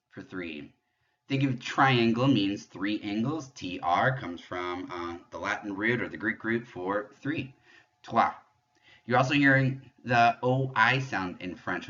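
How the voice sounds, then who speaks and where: A man giving a patient pronunciation lesson, explaining French sounds step by step and demonstrating them slowly. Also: lowish voice, a bit bright, lo-fi sound. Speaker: French teacher.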